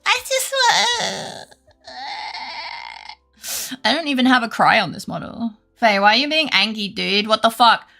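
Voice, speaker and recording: A woman's voice: fairly high pitch, lively intonation, a little fast, gravelly, hardly any pauses, pushed and bright. A British woman streaming live, chatting with viewers in a rambling, sweary, self-deprecating way and laughing often. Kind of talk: casual chat with live viewers.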